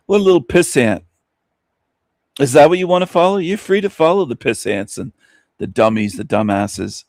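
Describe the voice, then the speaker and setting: A man's voice: a little high, animated, moderate pace, darkish tone, dry recording, studio quality. A man hosting an online radio show, ranting scornfully at his listeners with mocking laughs and rhetorical questions. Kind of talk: scornful solo rant.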